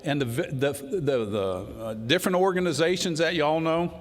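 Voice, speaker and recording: A man's voice: on the high side, normal speed. A middle-aged man giving a folksy, unscripted political speech, telling stories to a crowd. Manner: folksy, storytelling, says y'all. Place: large hall before a crowd. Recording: hall reverb with crowd.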